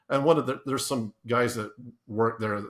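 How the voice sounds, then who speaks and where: A man's voice: medium pitch, unhurried, a bit bright. A man telling casual stories in an interview, with many restarts and laughs. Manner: rambling with restarts and laughs, acts out quotes. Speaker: podcast guest. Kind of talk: casual storytelling.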